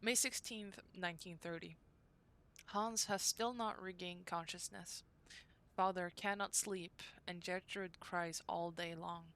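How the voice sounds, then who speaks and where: A woman's voice: lowish voice, steady tone, fairly bright tone. A woman reading as a devoted young diarist. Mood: anxious. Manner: earnest, unhurried reading. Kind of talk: reading a diary aloud.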